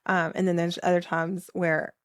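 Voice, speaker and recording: Candid thirties mom podcaster, low pitch, laughs easily, dry studio-close sound. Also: female voice, flat delivery, normal speed, dry recording. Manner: candid, laughs often, quotes herself talking to her kids. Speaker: podcast co-host. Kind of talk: casual faith podcast chat.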